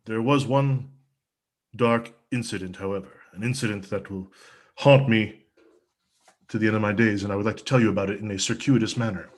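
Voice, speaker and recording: A man doing a deadpan spoof commercial, with a dry, formal, mock-earnest delivery. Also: fairly low pitch, brisk. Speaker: comedian performing a mock ad. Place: home video stream.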